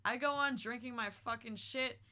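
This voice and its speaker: A woman's voice: a little high, normal speed, sharp tone. Brash, profane woman storyteller. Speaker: podcast host. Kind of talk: casual storytelling chat.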